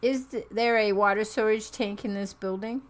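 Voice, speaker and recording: A woman's voice: medium pitch, steady tone, normal speed, close to an everyday voice. A woman doing a proud sea-king hero. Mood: determined. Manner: proud, determined. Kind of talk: comic book read aloud.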